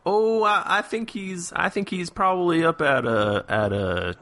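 A man's voice: high-pitched, a little slow, pushed and bright, exaggerated voice. A man voicing a rustic villager in a put-on Southern US drawl, rambling in a roundabout, folksy way, in a tabletop role-play.

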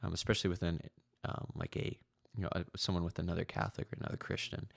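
A young man hosting a casual faith discussion, talking haltingly with many fillers and restarts. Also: low voice, fairly even intonation, creaky, no echo, studio quality. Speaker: podcast host.

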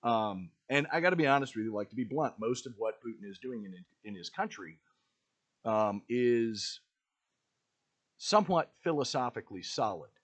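Husky, animated male podcast host. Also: mid-range voice, normal speed. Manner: clears his throat often, drifts into asides. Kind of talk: casual commentary, reading a speech aloud.

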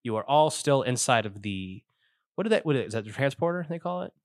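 Brief: a casual male game master, animated pitch, dry close recording. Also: dry recording. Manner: casual and rambling, with quick self-corrections. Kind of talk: narrating a tabletop game.

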